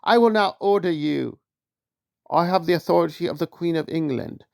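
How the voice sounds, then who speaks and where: A man's voice: on the high side, normal speed, gravelly, no room sound, studio quality, voice pushed up. A man mock-playing a pompous male authority figure in a stiff, commanding tone.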